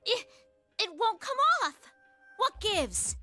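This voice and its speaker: A woman's voice: extremely high pitch, sing-song, slow, sharp tone, soft background music, heavily acted. Startled young machine girl. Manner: startled, questioning outbursts. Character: bewildered young woman with a mechanical body. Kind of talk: video game voice acting.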